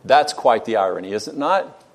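Male preacher, mid-pitched, earnest expository sermon, emphatic, asks the room questions. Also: big pitch swings, normal speed, breathy edge. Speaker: pastor.

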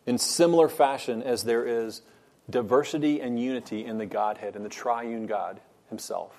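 A man teaching a Bible study lesson, earnest and measured, stressing points by repeating phrases. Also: mid-range voice, a little mellow.

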